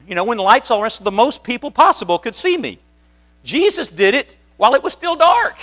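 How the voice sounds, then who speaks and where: A man's voice: very high voice, a bit bright. A man preaching a conversational sermon as a pastor, telling the story in a chatty way with many restarts. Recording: long reverb of a hall.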